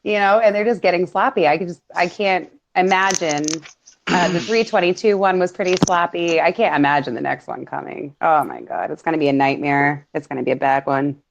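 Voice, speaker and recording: A woman's voice: on the low side, a little fast, gravelly, lo-fi sound, slight background noise. A woman hosting a casual talk show, chatting with lots of fillers and laughs. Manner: animated, laughing, many fillers. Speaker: podcast host. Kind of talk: casual conspiracy chat.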